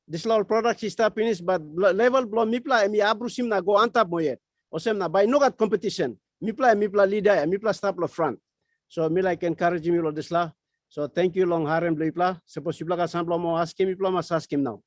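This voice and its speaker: Papua New Guinean man, high voice, dry close sound, earnest webinar pitch. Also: brisk, no echo. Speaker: webinar speaker. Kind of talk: motivational pitch in Tok Pisin. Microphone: video call.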